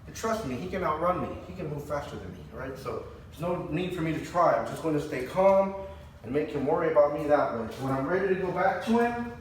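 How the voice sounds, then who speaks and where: Man, dog trainer, calm steady explaining, slightly high voice, distant, echoey. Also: brisk, a little hiss or hum. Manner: calm explaining, with bursts of high-pitched praise. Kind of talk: live training demonstration. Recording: echoey, distant camera mic.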